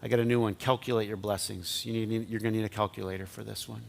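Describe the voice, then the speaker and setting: A male pastor giving a conversational sermon, now and then dropping to soft, near-whispered lines. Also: on the low side, level tone, quick pace, gravelly, a little hiss or hum.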